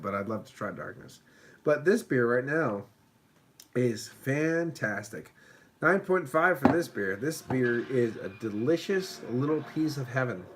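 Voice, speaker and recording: A man's voice: mid-range voice, rough recording. Profane rambling man reviewing beer. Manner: rambling, profane, bursts into shouting at viewers. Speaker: beer reviewer on a live stream. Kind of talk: casual live-stream beer review.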